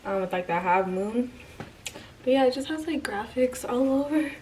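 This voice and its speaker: A woman's voice: on the high side, lively intonation, moderate pace. A young woman chatting casually through a try-on haul, out of breath and slipping into whispers. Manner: chatty, filler-heavy, drifts into whispers. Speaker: vlogger. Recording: distant mic with clear background noise.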